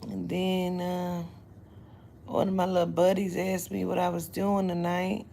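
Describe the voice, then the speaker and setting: A woman's voice: lowish voice, completely flat delivery, measured pace, gravelly, a little hiss or hum. A woman, chatting casually and profanely on a livestream from her bedroom. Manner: profane, loud, laughing storyteller. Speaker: psychic livestream host. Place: bedroom, indoors.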